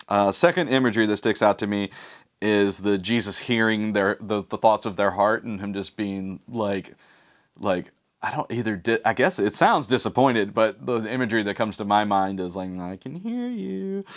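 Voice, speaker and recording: A man who is a pastor, reading scripture and then reflecting on it in a casual, conversational way, with many fillers and bits of slang. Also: fairly low pitch.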